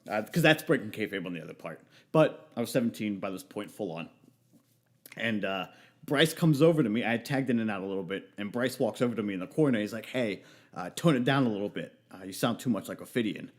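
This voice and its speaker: A man's voice: on the low side, expressive, fast talker. A man, a pro wrestler, telling a rambling anecdote on a casual livestream, with many fillers and restarts.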